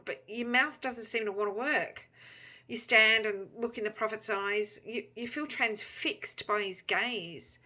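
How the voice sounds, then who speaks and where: A woman narrates a Bible story in the second person, drawing the listener into the scene. Her voice is bright and clear. The delivery is intimate and immersive. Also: fairly high pitch, measured pace. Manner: intimate, immersive, turns softer in quiet moments.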